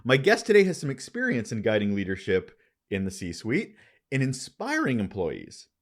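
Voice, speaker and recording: A man's voice: medium pitch, normal speed. A man hosting a workplace podcast, introducing his guest with playful asides. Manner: lively, playful delivery with asides. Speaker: podcast host. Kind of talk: podcast interview.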